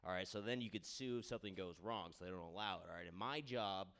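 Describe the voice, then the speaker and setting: A young male stand-up comic on a club stage, talking into a handheld mic. His voice sits a little low and sounds smooth and clean, and he rambles loosely, leaning on fillers and tagging lines with "all right?" as he riffs on the crowd. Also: fast talker, a bit bright. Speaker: stand-up comedian. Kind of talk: stand-up set with crowd work.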